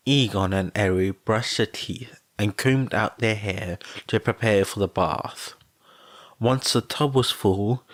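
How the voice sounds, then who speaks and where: Fan audiobook reader, man, lowish voice, very slow even reading. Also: no room sound. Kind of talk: audiobook narration.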